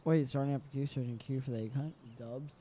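A man's voice: mid-range voice, fairly even intonation, quick pace, warm tone. A young man streaming a game live, tired and rambling as he chats with viewers while playing. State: sleepy. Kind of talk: casual live-stream chat. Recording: faint background noise.

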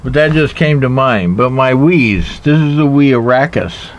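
A man's voice: medium pitch, expressive, moderate pace, a little hiss or hum, poor audio. A man casually reviewing knives in a rambling, joking way, talking to himself as he handles them outdoors. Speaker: knife reviewer. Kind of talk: casual knife review vlog. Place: outdoors in a backyard.

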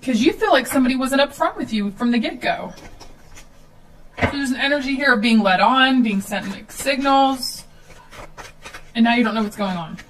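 A woman's voice: fairly high pitch, expressive, normal speed, pauses often, recorded from a distance, rough recording. Chatty woman giving a tarot reading. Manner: chatty, with filler ums and nervous laughs. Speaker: tarot reader. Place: at home.

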